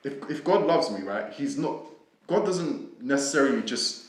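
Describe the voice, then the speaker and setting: A man's voice: mid-range voice, expressive, normal speed. A young man from Senegal, a podcast guest, talking earnestly and reflectively and repeating words as he thinks. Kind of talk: casual conversation. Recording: roomy echo.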